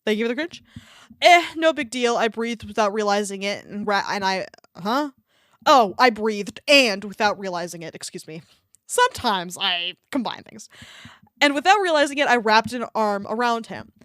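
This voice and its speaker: A woman's voice: medium pitch, expressive, moderate pace, a bit bright, dry recording, clean studio sound. A woman streamer reading fan fiction aloud on a live stream, often breaking off to laugh and react to her chat, with a desk microphone.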